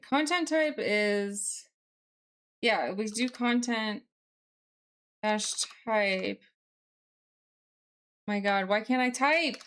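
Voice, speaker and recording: A young woman live streaming as she codes, reading chat aloud and thinking out loud with many fillers. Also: medium pitch, clean tone. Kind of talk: casual live-stream chat while coding.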